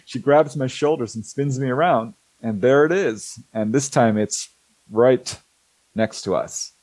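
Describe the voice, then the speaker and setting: A middle-aged man, a guest in an interview, telling a personal story in a casual, animated way and acting out the dialogue as he goes. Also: mid-range voice, unhurried, no room sound, poor audio. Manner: hesitant restarts and fillers.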